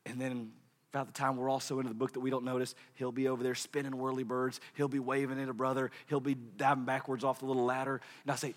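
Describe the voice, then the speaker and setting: A man in his thirties preaching a sermon, swinging between hushed murmurs and shouted peaks. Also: medium pitch, fairly even intonation, brisk. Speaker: pastor. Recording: long hall reverb.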